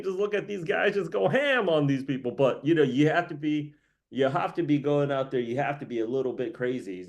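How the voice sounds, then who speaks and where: A man's voice: on the high side, vocal fry. Rambling, laughing man giving career talk. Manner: rambling and jokey, laughing often. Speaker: career coach host. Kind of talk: casual monologue.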